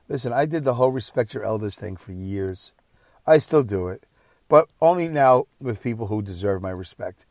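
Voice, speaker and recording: A tired, exhausted man hosting a podcast, telling a personal story in a rambling, emotional way that swings between quiet and loud. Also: mid-range voice, expressive, moderate pace, dry recording, clean studio sound. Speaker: podcast host.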